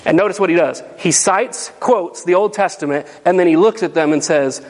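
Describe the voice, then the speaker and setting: A man preaching a sermon as pastor, emphatic and animated, asking the congregation rhetorical questions. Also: high-pitched, brisk. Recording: long hall reverb.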